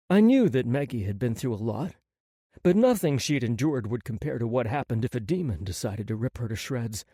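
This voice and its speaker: A man narrates a first-person novel in an expressive, intimate way. His pitch moves in a lively way. The recording is close and dry. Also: a little fast, no room sound. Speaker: audiobook narrator.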